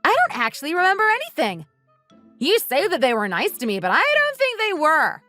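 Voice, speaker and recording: A woman plays a bitter wife in a texting-story drama. Her voice sits high and moves a lot as she lays out her grievances bluntly. Faint music runs underneath. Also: wildly swooping pitch, brisk, sharp tone, no echo, heavily acted. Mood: accusing. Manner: accusing, resentful, blunt. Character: bitter wife divorcing her uncaring husband. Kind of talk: text-message story dramatization.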